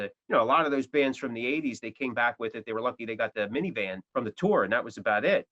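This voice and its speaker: A man's voice: mid-range voice, quick pace, hardly any pauses, a bit bright. A man, a band's guitarist, talking casually in an interview, rambling with many restarts and fillers. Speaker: guitarist guest. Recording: dull lo-fi audio.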